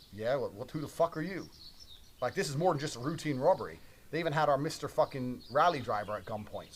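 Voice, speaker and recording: Fast-talking man telling a profane story. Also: medium pitch, slight background noise. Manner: profane, emphatic, acts out quoted dialogue. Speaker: course presenter. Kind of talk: casual storytelling.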